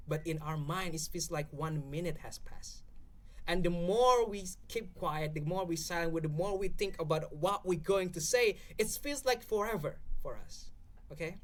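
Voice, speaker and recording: Indonesian-accented young man explaining. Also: high voice. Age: young adult. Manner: explanatory, keeps checking in with "okay?". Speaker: podcast guest speaker. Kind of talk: casual explanatory podcast talk.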